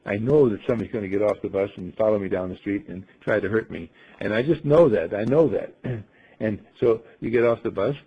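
A man telling a rambling story to a group, playful and musing, often clearing his throat. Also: on the low side, dull audio. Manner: playful, acts out voices in quotes, frequent throat clearing.

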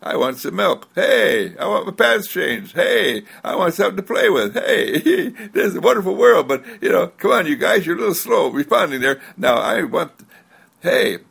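A man's voice: high-pitched, big pitch swings, moderate pace, gravelly, a bit bright, slightly rough, voice pushed up, exaggerated voice. A man voicing an impatient, cheerful baby who calls out for what he wants. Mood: demanding, playful. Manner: chirpy, insistent calls.

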